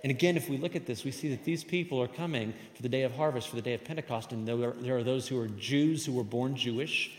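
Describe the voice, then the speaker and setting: A man's voice: medium pitch, fast talker, few pauses. Man, pastor, emphatic conversational sermon, long hall reverb, echoey room.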